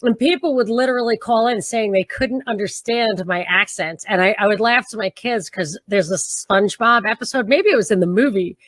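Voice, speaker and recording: A woman's voice: medium pitch, dry recording. A woman with a Brooklyn New York accent, chatting as a guest and telling stories with a ready laugh over a video call. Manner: animated storyteller, quick laugh. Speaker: podcast guest, radio host. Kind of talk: casual chat.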